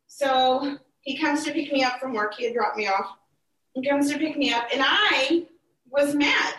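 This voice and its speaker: A woman telling a personal story in casual conversation, animated and acting out the dialogue as she goes. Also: high-pitched, moderate pace. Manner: animated, acts out quoted dialogue. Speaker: podcast guest. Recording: roomy, distant mic.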